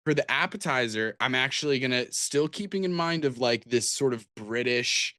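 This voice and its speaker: A man's voice: mid-range voice, normal speed, pushed and bright, dry recording. Podcast guy rambling casually about his game, dry close mic. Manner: rambling, full of "like"s and restarts. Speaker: podcast co-host. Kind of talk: casual chat about tabletop games.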